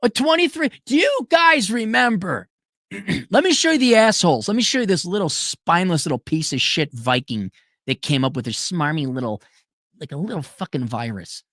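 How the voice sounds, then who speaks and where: Profane ranting man, lively pitch. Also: normal speed, no room sound, clean studio sound. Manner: profane, sarcastic, mocking voices. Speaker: commentator. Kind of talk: ranting monologue.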